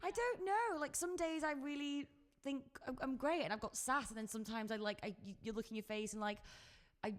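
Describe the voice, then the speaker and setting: A woman's voice: high voice, fairly quick. A young adult woman, co-hosting a podcast, open and emotional, often repeating herself. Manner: emotional, warm-hearted, repetitive. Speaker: podcast co-host. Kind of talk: casual chat.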